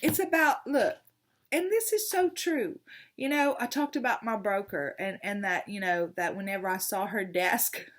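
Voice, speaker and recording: An older woman, a tarot reader talking casually and warmly to her viewers, rambling with frequent restarts. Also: medium pitch, moderate pace.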